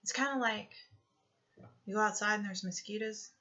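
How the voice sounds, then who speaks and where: A woman's voice: mid-range voice, moderate pace, bright, forceful tone, lo-fi sound. A woman giving a motivational talk with guided meditation, coaching earnestly and often checking in with "okay?". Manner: earnest, repetitive coaching, frequently asks "okay?". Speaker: motivational speaker.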